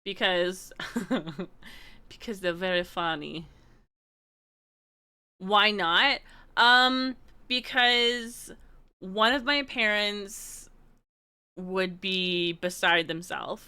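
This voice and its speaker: A woman livestreamer telling a story in casual chat with her viewers, excitable and laughing often. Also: mid-range voice, extremely slow, pauses often, smooth. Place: room at home, alone.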